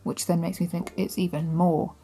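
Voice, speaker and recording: A woman's voice: on the low side, flat delivery, moderate pace, dark tone. A woman chatting casually and candidly in a reading vlog, talking straight to her camera. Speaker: book vlogger.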